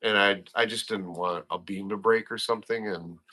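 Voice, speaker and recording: A man's voice: on the low side, fairly even intonation, moderate pace, bright, forceful tone. A man in his fifties from southern Wisconsin, a guest chatting on a live stream about fishing and gear, rambling and self-deprecating. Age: 50s. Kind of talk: casual live-stream chat.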